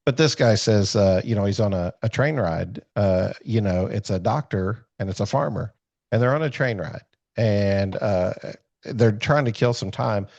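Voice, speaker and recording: On a video call captured in dull, lo-fi audio with no echo, a podcast host tells a story in casual chat. His lowish, creaky voice has a darkish tone at normal speed, and he rambles self-deprecatingly with many fillers and restarts.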